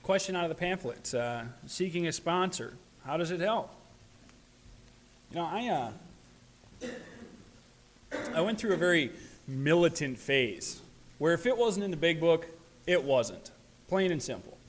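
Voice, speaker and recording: A man's voice: fairly high pitch, animated, measured pace, long pauses, slight background noise. A man from Minnesota speaking at a recovery workshop, earnest and plain-spoken, with a dry sense of humor. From Minnesota, USA. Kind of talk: recovery talk, personal sharing.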